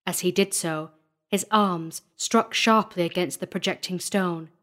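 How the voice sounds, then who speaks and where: A woman narrating a gothic horror story as a dramatic audiobook reading, measured and building tension. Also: fairly low pitch, fairly bright tone.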